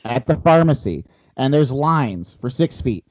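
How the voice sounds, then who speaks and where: A man's voice: mid-range voice, big pitch swings, measured pace, a little mellow, dry recording, dull audio. A man co-hosting a casual chat, telling a profane story and acting out the quotes. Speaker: podcast co-host.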